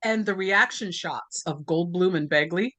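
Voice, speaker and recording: A woman's voice: fairly low pitch, measured pace, no echo. A woman hosting a podcast, recapping a movie in casual chat and laughing often. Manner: laughs often, animated storytelling. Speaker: podcast host.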